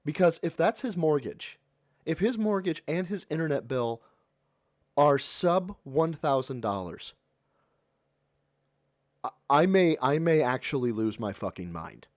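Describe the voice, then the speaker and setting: A man's voice: a little high, lively intonation, unhurried, long pauses, dry recording. Exasperated Midwestern man ranting, bone-dry sound. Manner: exasperated, sarcastic and profane. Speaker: streamer reacting to a podcast clip. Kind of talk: live-stream reaction commentary.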